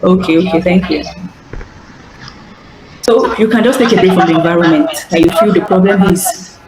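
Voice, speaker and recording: Woman, earnest coaching talk, roomy echo, loud crowd behind. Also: on the low side, normal speed. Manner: earnest, repeats phrases, stammers on restarts. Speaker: healing coach. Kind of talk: live online teaching talk. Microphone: online call audio. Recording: echoey, noisy call audio.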